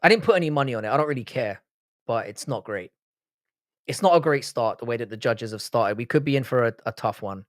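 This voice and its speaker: Man, young adult, live-stream host, casual banter, swears a lot, mid-pitched voice, dry close sound. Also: lively intonation, fast talker, no room sound. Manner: swearing, bantering, rambling with restarts. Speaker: livestream host. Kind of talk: casual live-stream chat, reacting to comments.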